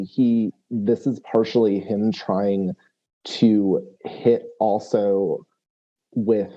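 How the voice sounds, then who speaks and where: A man's voice: on the low side, dull audio. A man playing a tabletop role-playing game, explaining his character's move with many restarts and fillers. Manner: hesitant, many restarts and fillers, laughs often. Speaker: player.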